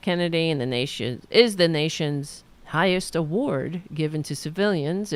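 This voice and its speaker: Woman host reading the news out loud, slow and unhurried, voice swings up and down a lot, snarky side comments. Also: no echo. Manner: sarcastic asides while reading, lively pitch. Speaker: political podcast host.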